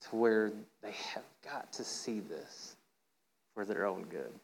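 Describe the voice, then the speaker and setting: This preacher talks slowly, his voice creaky with a breathy edge, and the audio is poor. His sermon is informal and conversational: a playful story where he does voices with a rising pitch and frequently asks "right?"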